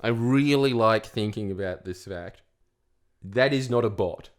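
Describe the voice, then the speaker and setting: A man's voice: fairly low pitch, measured pace. A man giving sarcastic comedic commentary while reading bad online reviews aloud, with mocking voices for the quotes.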